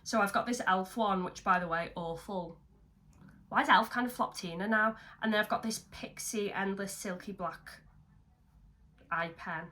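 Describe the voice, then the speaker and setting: A young woman with a lowish, bright, forceful voice does a makeup tutorial at home from her seat, a little hiss or hum in the recording. As a vlogger she chats casually, mocks herself and swears occasionally.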